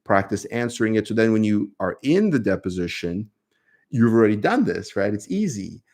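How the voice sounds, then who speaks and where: A man's voice: lowish voice, very animated, normal speed, darkish tone. A man with a New York accent, a lawyer answering viewer questions on a casual live stream, speaking conversationally with many fillers.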